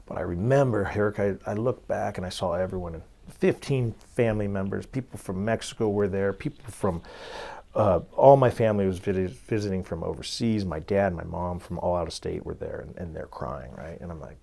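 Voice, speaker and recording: A man's voice: low voice, a little fast, gravelly. A young man with a Californian accent telling his story as an interview guest, acting out the voices of people in it and filling his speech with "like" and "right?". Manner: animated storyteller, acts out quoted voices, frequent "like" and "right?".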